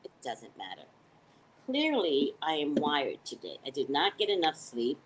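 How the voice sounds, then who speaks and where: Speaking at normal speed over a slight hiss or hum in a low-quality recording, this American woman hosts a live morning show as a psychic. Her live-stream chat is casual, rambling and digressive, full of profanity and self-mockery. She turns animated now and then, rising into high, excited tones.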